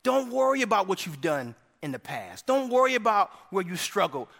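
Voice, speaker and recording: A male pastor delivering a dynamic sermon, swinging between shouted peaks and hushed lines and often checking in with the congregation. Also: high voice, big pitch swings, moderate pace, creaky, in a large hall. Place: church sanctuary.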